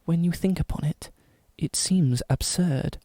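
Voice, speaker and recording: A man putting on a slow, pompous posh announcer voice for comic readings. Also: mid-range voice, completely flat delivery, no echo, close to an everyday voice. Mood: mock-posh. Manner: slow, measured, overly formal.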